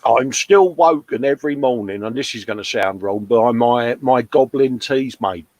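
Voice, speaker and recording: A chatty British man in his fifties with a mid-pitched voice, jokingly reading out viewer comments in a casual stream. He keeps calling people "mate", and the sound is dry and close, with no room around it. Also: normal speed, darkish tone, no room sound. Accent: British English. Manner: chatty, jokey, says "mate" a lot. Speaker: livestream co-host.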